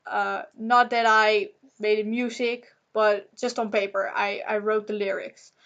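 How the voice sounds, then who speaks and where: Slow halting young woman, nervous and upset. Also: medium pitch, little pitch movement, fairly bright tone, lo-fi sound. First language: Dutch. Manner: halting, nervous laughs, many fillers; angry and shaken. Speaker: vlogger. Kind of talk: emotional personal vlog.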